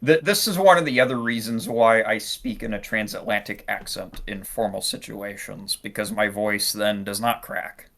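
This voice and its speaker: A man on a casual panel chat, speaking in a hesitant, halting way. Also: lowish voice, a bit bright. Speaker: panel member.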